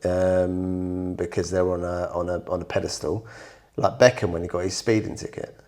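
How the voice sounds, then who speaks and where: A man's voice: low voice, little pitch movement, moderate pace, darkish tone. A man co-hosting a casual podcast, rambling with many hesitations and ums. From Britain. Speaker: podcast co-host. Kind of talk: casual chat.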